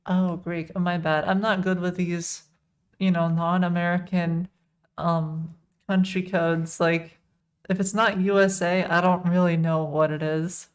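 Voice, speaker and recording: A woman's voice: fairly low pitch, flat delivery, measured pace, clean tone. A woman from Texas, without a Texan accent, chatting casually with her live-stream audience while coding and reading chat messages aloud.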